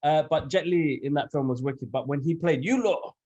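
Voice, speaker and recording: A man, co-hosting a casual podcast chat, animated and slangy. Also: a little high, normal speed, dull audio. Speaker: podcast co-host.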